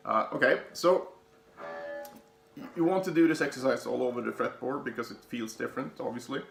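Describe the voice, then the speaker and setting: A man talks through a guitar lesson in a loose, halting way, stopping to count notes as he plays. His voice is gravelly, and it carries a roomy echo. Soft guitar music sits under his speech. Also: medium pitch. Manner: halting, many fillers and restarts, counting along with playing. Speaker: guitar teacher. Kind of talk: casual instructional talk. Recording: echoey room with guitar playing.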